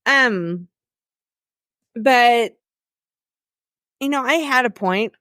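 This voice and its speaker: A woman's voice: on the high side, extremely slow, bright, forceful tone, dry recording, studio quality. A woman co-hosting a podcast, talking casually about her partner and often laughing. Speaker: podcast co-host. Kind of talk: casual chat.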